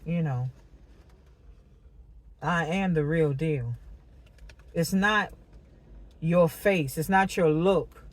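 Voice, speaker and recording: A woman doing a casual tarot reading monologue, animated and slangy, laughing and cursing as she talks. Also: on the low side. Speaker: tarot reader.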